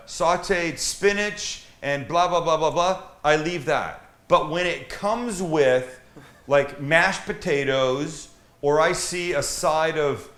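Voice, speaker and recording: A middle-aged man hosting a relaxed kitchen chat, his pitch swinging widely as he talks. He tells funny stories, swears casually and laughs with friends around him. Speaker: host.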